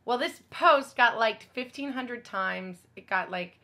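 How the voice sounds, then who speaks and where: Bright-voiced woman telling an earnest story. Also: a little high, a little slow. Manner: earnest, excited, chatty with fillers and quoted dialogue. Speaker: vlogger. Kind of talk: personal storytelling to camera.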